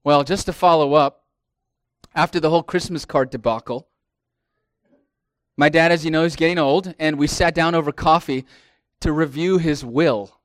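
A middle-aged man preaching a sermon as pastor, swelling into emphatic lines and then dropping to hushed asides. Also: fairly high pitch, fairly even intonation, normal speed, long pauses, no room sound, studio quality.

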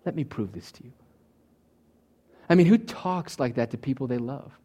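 A man preaching a sermon as pastor, rising to loud emphatic peaks and dropping to soft low asides, sometimes acting out the listener's imagined thoughts. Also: expressive, normal speed. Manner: acts out the listener's imagined thoughts in quoted voices.

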